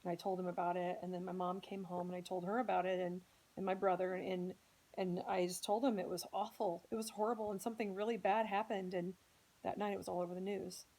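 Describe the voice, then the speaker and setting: A woman's voice: lowish voice, level tone, quick pace, mellow, rough recording. A woman from Indianapolis earnestly telling a personal story as a podcast host, speaking with strong emotion. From Indianapolis, United States.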